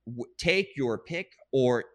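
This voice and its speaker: A man hosting a fantasy football show, bright and forward in tone at an ordinary pitch. He talks in excited bursts, doubling back on his phrases and slipping laughs in as he goes. The feel is easy, casual sports chat. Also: slow pace. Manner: animated, restarts often, laughs while talking. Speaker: fantasy football podcast host.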